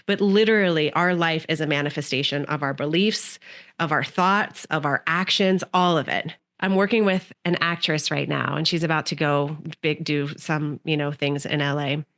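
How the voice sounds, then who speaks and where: A woman's voice: low-pitched, steady tone, moderate pace, a bit bright. A woman guest on a podcast, talking in a flowing, spiritual way about inner work as a creative coach. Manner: flowing, spiritual, dreamy phrasing. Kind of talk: podcast conversation.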